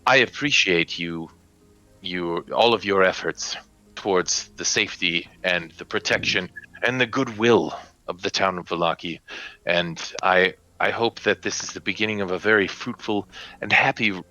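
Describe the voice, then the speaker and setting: Brief: male GM as a formal, grudging baron in a tabletop game, low and bright-edged. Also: dull audio. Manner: formal, measured and polite. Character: stately, begrudging older male baron.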